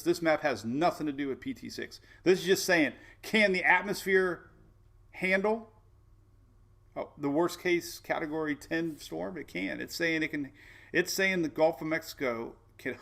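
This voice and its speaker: Gravelly folksy male weather host. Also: fairly high pitch, sharp tone. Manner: chatty, folksy, repeats himself. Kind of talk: casual livestream weather talk.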